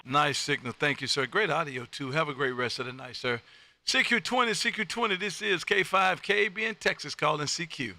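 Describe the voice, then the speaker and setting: A man hosting a live ham radio stream from his home radio room, loud and folksy, calling CQ and repeating his phrases. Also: fairly high pitch, a little fast, no echo. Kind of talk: calling CQ and chatting with contacts.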